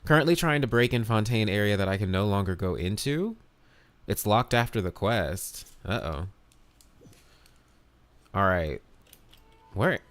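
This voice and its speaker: Low-voiced man chatting on a game stream. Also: animated, unhurried, pauses often, no echo. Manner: upbeat, greets chat viewers by name, swears casually. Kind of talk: casual live-stream chat.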